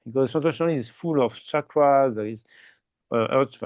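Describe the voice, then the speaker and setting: A man teaching meditation in slow, simple English with small grammar slips, checking in often with "okay?". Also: mid-range voice, no echo, muffled recording. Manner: explains slowly and repeatedly, ending phrases with "okay?". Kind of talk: guided meditation instruction.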